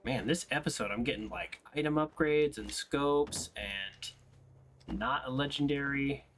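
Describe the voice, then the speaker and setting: Man, let's play host, casual gaming commentary, bright tone, self-mocking. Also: mid-range voice, measured pace, a little hiss or hum. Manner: excitable, laughs often, self-mocking.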